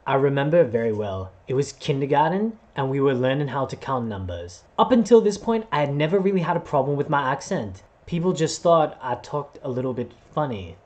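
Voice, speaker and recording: This man's voice sits a little high, and the top end of the audio is cut off. He's a vlogger and voice actor sharing a personal story to camera in a casual vlog, animatedly acting out the voices as the tale unfolds.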